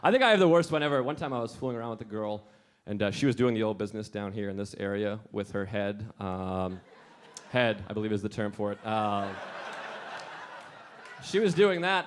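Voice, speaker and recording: A young man performing a stand-up set on a club stage, telling stories in a dry, deadpan way with acted-out quotes. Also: on the low side, brisk. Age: young adult. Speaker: stand-up comedian. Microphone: handheld stage mic. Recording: live club recording with crowd noise. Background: audience laughter.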